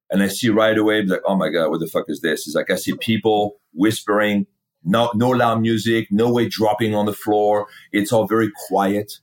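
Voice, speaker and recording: Middle-aged male guest, lowish voice, blunt storyteller who swears and mimics dialogue. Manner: candid, swears freely, acts out past dialogue. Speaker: fitness company founder, guest. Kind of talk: casual storytelling interview.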